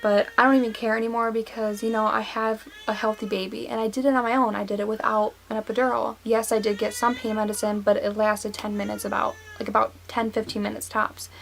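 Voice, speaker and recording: A young woman of nineteen talks casually to her camera in a gravelly, fry-laden voice, pausing often with fillers. She sounds teary and moved, her pitch sitting a little high but staying fairly flat. A faint hiss runs under the recording. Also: poor audio. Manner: emotional, many fillers and likes. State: tearful. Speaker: vlogger. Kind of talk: casual personal story to camera.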